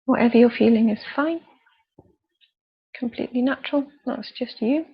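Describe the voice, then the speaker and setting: A woman leading a guided body scan meditation with slow, soft, calm instructions and pauses. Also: fairly high pitch, husky, highs cut off. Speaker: youth worker leading a relaxation exercise.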